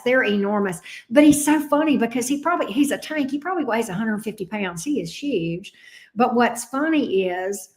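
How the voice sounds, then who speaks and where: A woman's voice: mid-range voice, roomy sound. A woman with a Southern US accent, a tarot reader chatting casually with viewers on a livestream, laughing often and swearing freely. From coastal Alabama, US.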